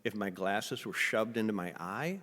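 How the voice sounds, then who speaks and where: A man with a fairly low voice tells a story as a podcast guest. He is blunt and animated, and he throws himself into the telling. The studio around him has a long reverb. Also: normal speed. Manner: animated, blunt storyteller who acts out dialogue. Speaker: artist guest. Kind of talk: casual storytelling.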